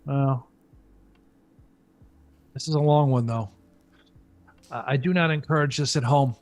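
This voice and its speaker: A man's voice: medium pitch, unhurried, a little mellow, soft background music. A man commentating a live poker stream, chatty and joking, thinking aloud between hands.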